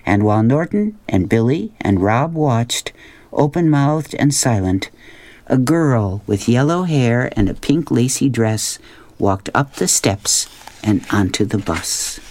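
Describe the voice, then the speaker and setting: Storybook narrator, man, mid pitch, steady plain read, dry close sound. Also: slow pace, dry recording. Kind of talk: storybook reading aloud.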